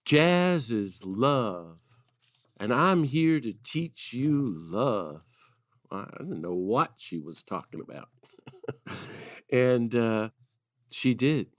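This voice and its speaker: A man, a priest and activist, telling stories on a podcast as a guest, lively and laughing as he goes. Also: fairly low pitch, smooth, no room sound, studio quality. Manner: lively storyteller who laughs and acts out quotes. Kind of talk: conversational storytelling.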